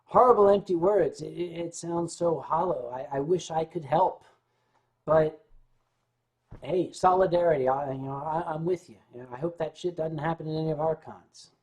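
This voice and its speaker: Here a man runs a livestream, chatting loosely with viewers and spinning stories at normal speed with large shifts in pitch and loudness. Serious subjects make him falter and begin his sentences over.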